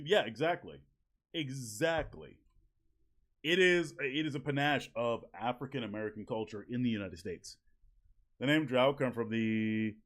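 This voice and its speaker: A man streaming from home, chatting casually with viewers, joking, swearing and laughing often. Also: medium pitch. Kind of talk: casual live-stream chat reacting to viewers. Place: home at evening.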